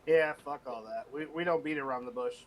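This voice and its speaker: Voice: mid-range voice, brisk, slight background noise. A co-host in casual chat, joking crudely and laughing often. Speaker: podcast co-host.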